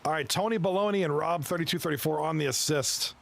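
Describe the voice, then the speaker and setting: A man giving live commentary on a video game hockey league, reacting excitably to plays and chatting with his viewers. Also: on the high side, vocal fry. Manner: excitable, quick reactions to plays, chuckles often; chats with viewers between plays.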